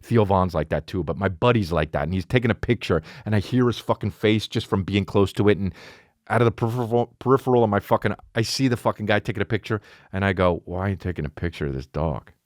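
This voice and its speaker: A man hosting a podcast, telling a comic story as a profane, animated rant that keeps interrupting itself. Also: lowish voice, fast, no echo, studio quality. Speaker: podcast host. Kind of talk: comedic storytelling monologue.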